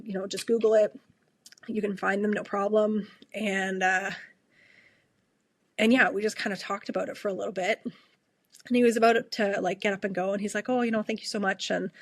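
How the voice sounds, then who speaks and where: Chatty husky woman telling stories. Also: medium pitch, no echo. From Canada. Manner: chatty, laughs often, many fillers like "like". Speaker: ER nurse guest. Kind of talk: casual storytelling conversation.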